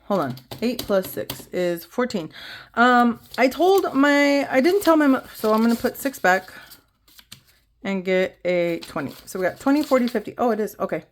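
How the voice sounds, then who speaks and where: A woman's voice: fairly high pitch, expressive, normal speed, slight background noise. Budgeting vlogger, female, 30s, chatty and rambling, talks straight to viewers. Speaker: budgeting vlogger stuffing cash envelopes. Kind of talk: casual chatty vlog while counting cash.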